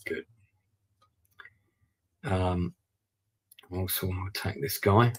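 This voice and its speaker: Male streamer, deep husky voice with fry, mutters his moves while he plays. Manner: thinking aloud, muttering over his moves. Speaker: streamer playing a strategy war game. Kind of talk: live-stream gameplay commentary.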